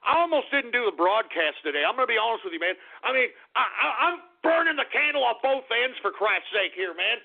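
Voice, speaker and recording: A man hosting a radio show, ranting in an exasperated, shouting, rambling way. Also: very high voice, very animated, fairly quick, vocal fry, few pauses. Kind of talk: ranting comedic radio monologue. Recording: tinny phone-like lo-fi audio.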